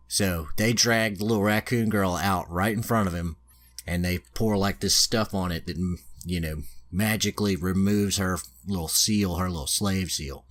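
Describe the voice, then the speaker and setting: Deep-voiced male podcast host, casual and profane, recapping a story offhand. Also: normal speed, a bit bright. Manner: loose, swearing, lots of filler. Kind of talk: casual chat, retelling an anime plot.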